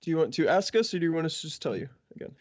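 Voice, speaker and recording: A man's voice: a little high, animated, racing, darkish tone, no room sound. Joking man on a dull lo-fi mic. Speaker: player. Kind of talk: casual game chat.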